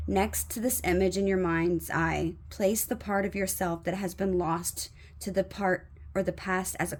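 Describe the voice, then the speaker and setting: A woman doing a tarot reading, reading the card's guidance aloud in a slow, measured way with soft fillers now and then. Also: fairly low pitch. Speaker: tarot reader.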